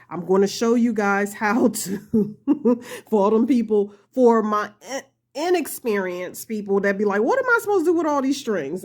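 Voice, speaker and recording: A woman talks viewers through a crochet lesson in a loose, chatty way, laughing often and poking fun at herself. She speaks straight to her audience and calls them y'all, at an ordinary mid pitch for a woman. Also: a little mellow. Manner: chatty, frequent laughter, self-deprecating. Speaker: crochet tutorial host. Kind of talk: casual talk-through tutorial.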